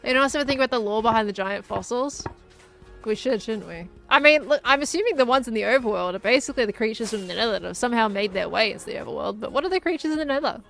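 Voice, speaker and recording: A woman talks through her game in an easy, rambling way, often breaking into giggles. Her voice sits fairly high. Soft background music plays under her. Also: expressive, fast talker, gravelly. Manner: chatty, giggly, thinking aloud. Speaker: gaming streamer. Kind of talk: casual commentary while playing.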